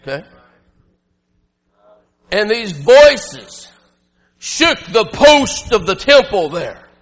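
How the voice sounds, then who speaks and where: Preacher guy, high pitched, shouts and laughs a lot, echoey church. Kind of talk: sermon.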